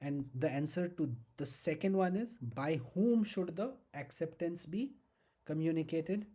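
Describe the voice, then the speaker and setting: A law lecturer with an Indian English accent giving a slow, emphatic exam-prep lesson, repeating key points and checking in with "okay?". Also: mid-range voice, mellow.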